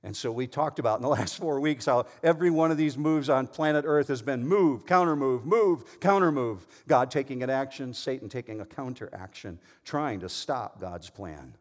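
A middle-aged man preaching a sermon in a church, swinging from loud emphasis to hushed, near-whispered lines. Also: medium pitch, lively intonation, normal speed, hardly any pauses. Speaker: pastor. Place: church sanctuary. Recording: long reverb in a large hall.

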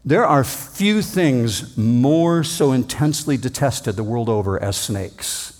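A man's voice: medium pitch, expressive, takes it slowly, a little mellow. Man preaching with emphatic rises. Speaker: pastor. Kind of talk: sermon. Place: church.

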